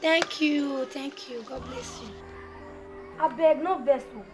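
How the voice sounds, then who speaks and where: An actress playing a sassy young woman in a Nollywood comedy, speaking softly and dismissively with a Nigerian accent. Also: sits high, slow pace, over music.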